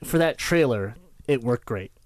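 A man co-hosting a casual chat about video games, rambling and acting out his own excited reactions. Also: mid-range voice, a little slow, no echo. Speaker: podcast co-host.

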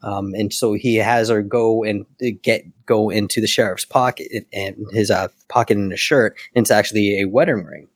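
A man's voice: lowish voice, fairly even intonation, moderate pace, hardly any pauses, no echo. A man co-hosting a podcast, recapping a comic book in a rambling, casual way and laughing now and then. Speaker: podcast co-host.

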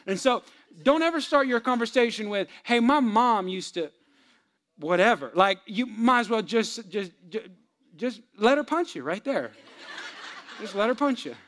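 A man preaching a sermon on marriage to a congregation, swinging between loud animated stretches and hushed asides. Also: high voice, normal speed. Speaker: pastor.

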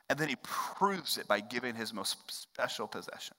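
A man preaching a sermon as pastor, swinging between loud, emphatic stretches and hushed, quiet ones. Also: fairly high pitch, wildly swooping pitch, moderate pace, few pauses. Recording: long hall reverb.

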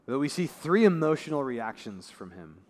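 A male pastor giving a sermon in a conversational way, dropping his voice low and soft for emphasis. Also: very animated, moderate pace. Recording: long reverb of a large hall.

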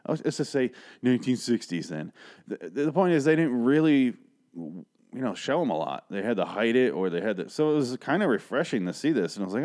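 Low-voiced man giving a profane recap. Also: lively intonation, fairly quick, a little mellow. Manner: rambling, profane, sarcastic. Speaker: episode recapper. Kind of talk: casual commentary.

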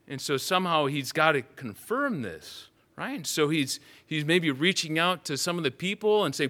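A man's voice: on the high side, fairly quick, few pauses, sharp tone. A man preaching a sermon, retelling a Bible story vividly and often restarting phrases.

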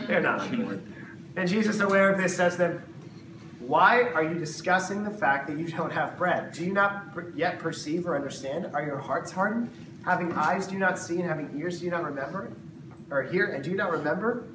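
High-voiced man teaching Bible in echoey room. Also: a little fast. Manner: conversational, jokey, acts out voices of the disciples. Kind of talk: casual Bible teaching to a small group. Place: room with a live group. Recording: echoey room, distant mic, noisy background.

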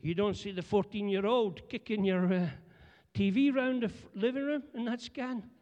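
A middle-aged man with a Scottish accent preaching a humorous sermon, animated and joking as he talks to the congregation. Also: high-pitched, moderate pace, muffled recording. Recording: long church hall reverb.

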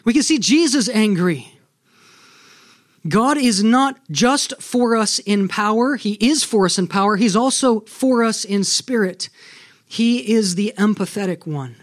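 A man with a high speaking voice delivers a sermon as a pastor. He preaches earnestly and with emphasis, often checking in with his listeners through rhetorical questions. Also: animated, a little slow.

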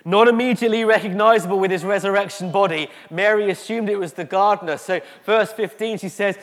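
A man preaching a sermon to a congregation, slow and emotive, with dramatic pauses. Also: sits high. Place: church hall. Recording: echoey hall.

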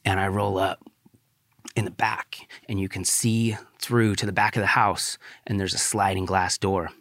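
A young man telling a personal story in a casual, profane way, with fillers and sudden excited outbursts. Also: no echo, clean studio sound. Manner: profane, animated, rising to high-pitched outbursts.

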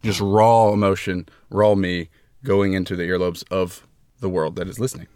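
Deep-voiced man hosting a rambling podcast. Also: steady tone, normal speed, darkish tone, no room sound, studio quality. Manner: mock-grandiose, rambling with fillers. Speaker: podcast host. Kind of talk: comedic podcast chat. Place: closet.

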